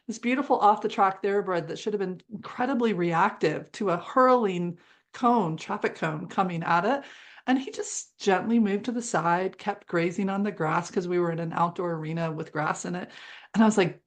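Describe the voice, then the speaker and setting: A woman's voice: medium pitch, moderate pace. A woman being interviewed as a guest, telling a heartfelt story from her work in horse-assisted therapy in an earnest, emotive way. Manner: earnest and emotive, with brief laughs.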